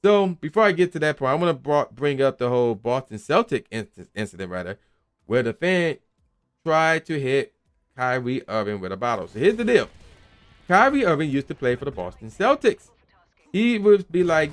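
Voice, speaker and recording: This gaming commentary host is a young man with a clear, resonant mid-range voice at normal speed. His casual rant is animated and emphatic, heavy on slang, and he now and then performs the voices of those he quotes.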